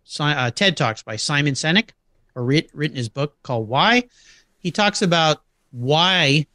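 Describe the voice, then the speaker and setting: A man's voice: a little high, expressive, unhurried, bright, forceful tone, dry recording, studio quality. A middle-aged man telling anecdotes in a casual interview, acting out quoted voices and laughing often. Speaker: podcast guest.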